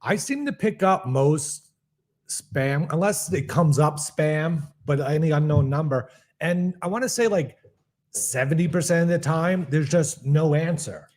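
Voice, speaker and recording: Speaking unhurriedly in a slightly high voice with a darkish tone, a man with a New York accent co-hosts a live comedy podcast. His laid-back chat rambles along, packed with fillers in a casual comedic style.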